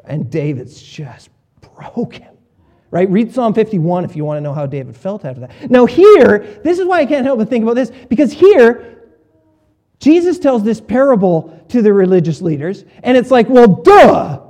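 A male pastor giving a conversational sermon. He often acts out what his listeners might say and often shifts between soft and loud. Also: sits high, sing-song, normal speed. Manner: conversational preaching with shifts in volume and voiced asides.

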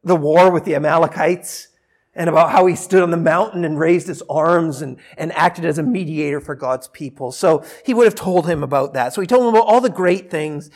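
A male preacher delivering a sermon in an animated storytelling manner. His voice sits fairly high for a man, and he often repeats and restarts phrases as he builds each point. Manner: animated storytelling, acting out quoted dialogue.

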